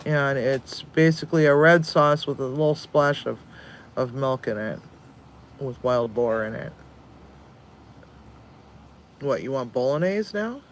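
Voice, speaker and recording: A man's voice: medium pitch, measured pace, long pauses, a little hiss or hum. A man hosting a cooking channel, chatting casually, tired, swearing now and then and laughing often. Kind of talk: casual chat.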